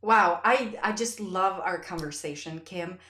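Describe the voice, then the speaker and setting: A woman podcast host chatting in an interview, effusive and telling stories with animated quoted voices. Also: lowish voice, measured pace, echoey room. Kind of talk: casual interview chat.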